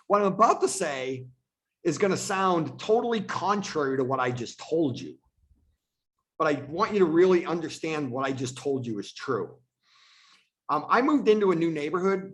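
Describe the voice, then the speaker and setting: A man who leads a real estate team, teaching agents on a video call in a casual way and repeating himself for emphasis. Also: high voice. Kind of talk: online training presentation.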